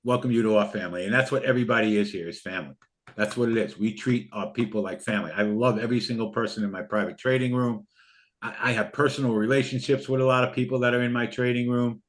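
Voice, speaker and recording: A man's voice: medium pitch, fairly even intonation, quick pace. A man selling a trading course on a live stream, earnest and openly emotional, often repeating himself. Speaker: trading educator. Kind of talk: live sales pitch for a course.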